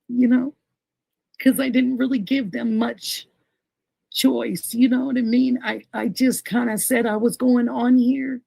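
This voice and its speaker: Casting: middle-aged woman, streamer host, gravelly and unhurried, sentimental and chatty, dry close mic. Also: on the high side, dark tone, no echo, low-quality recording. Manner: gushing, emotional, thanks viewers by name. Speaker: livestream host. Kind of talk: casual livestream chat reading viewer comments.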